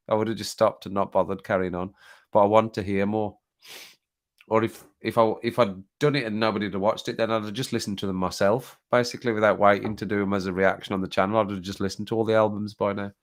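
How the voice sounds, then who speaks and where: A British man with a fairly low voice chats casually on a live stream from home. He rambles, laughs a lot and repeats his phrases as he talks. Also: little pitch movement, fast talker. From Britain. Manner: chatty, rambling, laughs often, repeats himself. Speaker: YouTube channel host. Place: home, sitting at desk.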